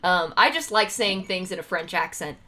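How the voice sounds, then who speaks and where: A woman's voice: lowish voice, expressive, moderate pace, sharp tone. A woman streamer chatting casually on a livestream, thinking aloud as she reads trivia questions, laughing often and greeting viewers.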